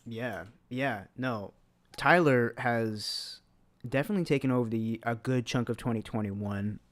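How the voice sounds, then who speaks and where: A young man co-hosting a casual podcast, relaxed and joking, explaining with asides. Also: mid-range voice, measured pace. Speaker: podcast co-host. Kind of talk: casual livestream chat.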